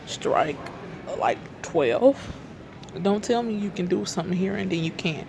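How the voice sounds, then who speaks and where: A woman vlogging from a hospital library, retelling a frustrating appointment in an animated, exasperated way and acting out the dialogue. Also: lowish voice, unhurried, noisy background. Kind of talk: storytime vlog. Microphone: self-filmed camera.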